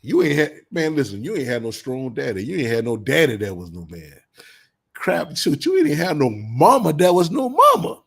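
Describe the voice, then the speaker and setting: A man's voice: fairly high pitch, wildly swooping pitch, normal speed, gravelly, breathy edge. Blunt slang-heavy man lecturing. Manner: blunt, preachy, heavy slang, repeats insults with bursts of laughter. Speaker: commentary vlogger. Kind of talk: casual advice monologue.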